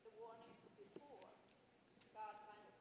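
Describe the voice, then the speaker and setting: A woman's voice: mid-range voice, unhurried, a little mellow. A woman in the audience tentatively posing a question at a lecture. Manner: tentative, musing. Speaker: audience member asking a question. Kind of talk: question from the floor. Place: lecture hall. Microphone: far from the microphone. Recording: distant voice in an echoey, noisy hall.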